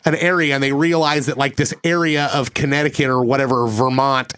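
A man's voice: mid-range voice, flat delivery, brisk, a bit bright, smooth. A man co-hosting a podcast, chatting casually, laughing often and swearing as he retells movie scenes. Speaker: podcast co-host. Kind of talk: casual chat.

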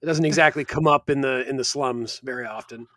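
A man's voice: medium pitch, brisk, sharp tone, no echo, studio quality. A man co-hosting a podcast, talking bluntly and sarcastically about a film. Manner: blunt, sarcastic, swears casually. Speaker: podcast co-host. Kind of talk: casual film discussion.

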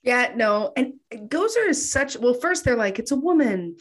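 A woman's voice: on the high side, expressive, moderate pace. A woman casually recapping a movie on a podcast, chatty, with frequent laughs and lots of fillers.

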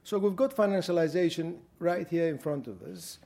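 A man with a Greek accent giving an academic lecture at a university, measured and deliberate with frequent pauses. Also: fairly high pitch, lively intonation, a little mellow. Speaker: guest lecturer.

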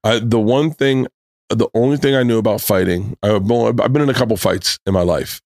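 A middle-aged man from the United States telling animated stories in casual chat, acting out the people he quotes. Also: fairly low pitch, moderate pace, vocal fry, no room sound, studio quality. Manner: animated storyteller, acts out quotes in raised voice.

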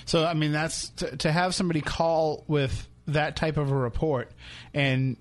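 A man's voice: a little high, little pitch movement, moderate pace. A man hosting a podcast interview, reacting briefly and asking thoughtful follow-up questions. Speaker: host.

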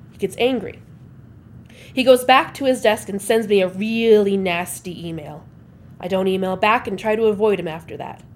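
A woman's voice: mid-range voice, darkish tone, slight background noise. A woman performing a comic monologue, telling her story in a wry, sarcastic way.

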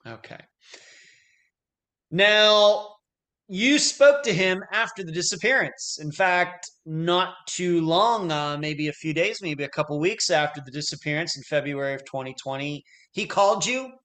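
A man's voice: sits high, expressive, unhurried, pushed and bright. A man conducting an investigative interview, methodical and probing with follow-up questions.

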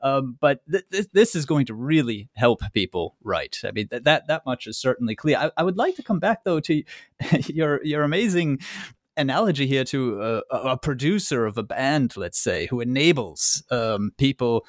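A man's voice: medium pitch, sing-song, normal speed, no room sound, clean studio sound. A man hosting an interview, engaged and appreciative, with stammered restarts. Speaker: interviewer, host. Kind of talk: conversational interview.

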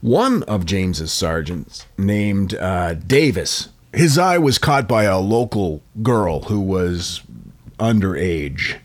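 A man co-hosting a podcast, telling an odd historical story in a casual, animated way. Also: low voice, takes it slowly. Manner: animated storyteller with frequent uh fillers. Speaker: podcast co-host.

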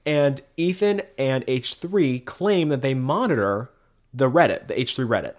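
A man's voice: medium pitch, animated, a little slow. A man co-hosting a casual podcast, recapping online drama and filling his talk with "like". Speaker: podcast co-host. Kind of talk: casual chat.

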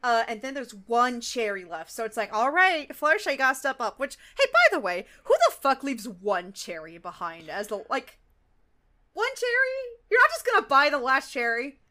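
A woman co-hosts a podcast in a casual chat. Her voice is high and bright and swoops widely. She giggles a lot and swears freely. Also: big pitch swings, normal speed. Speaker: podcast co-host. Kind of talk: casual chat recapping a cartoon.

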